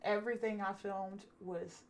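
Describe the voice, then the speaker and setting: Woman vlogger, casual profane storytime, acts out the quotes, mid pitch. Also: fairly even intonation, measured pace.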